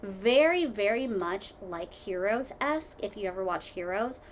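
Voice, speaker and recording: Woman rambling on her home podcast, mid pitch, lots of likes and ums, gets loud then mutters, faint background hum. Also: a little slow. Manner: rambling, tangent-hopping, filler-heavy; animated, swings between loud asides and quiet mutters. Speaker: podcast host. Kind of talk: casual solo podcast chat.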